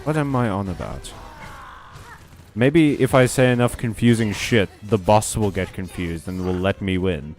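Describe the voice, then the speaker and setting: Low-voiced, sweary gaming streamer. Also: male voice, normal speed, darkish tone, soft background music. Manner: swearing, chatty, sarcastic. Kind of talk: casual let's-play commentary reading chat.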